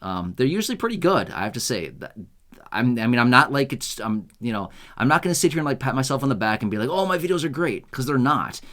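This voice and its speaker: A man's voice: medium pitch, very animated, fast talker, fairly bright tone. A young man from the United States, hosting a casual unscripted video in a rambling, self-mocking way and laughing often. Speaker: YouTube host.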